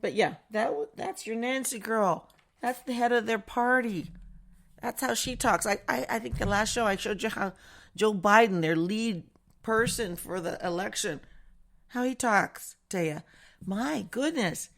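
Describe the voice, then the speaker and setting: A woman's voice: on the high side, measured pace, gravelly. A woman from the United States hosting a casual political opinion monologue, chatty and sarcastic, laughing often. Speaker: political commentary host.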